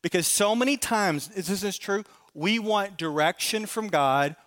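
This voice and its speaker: A man preaching a sermon as a pastor, stressing key phrases by slowing down and acting out imagined prayers in a higher voice. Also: a bit bright.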